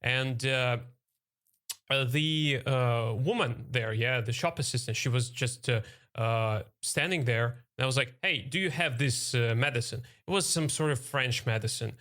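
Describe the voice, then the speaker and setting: A man's voice: mid-range voice, a little slow, a bit bright. Man, hesitant podcast host. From Russia. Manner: hesitant, many fillers, chatty. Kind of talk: casual chat.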